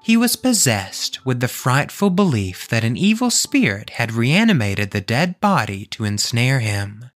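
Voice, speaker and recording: A man hosting a podcast, reading a classic tale aloud in an expressive way. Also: medium pitch, unhurried, hardly any pauses, soft background music. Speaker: podcast host and storyteller.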